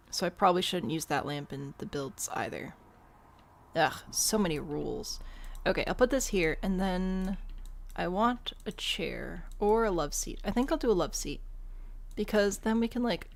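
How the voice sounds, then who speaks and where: A young woman with a lowish, creaky voice offers casual, rambling gameplay commentary, thinking out loud and poking fun at herself.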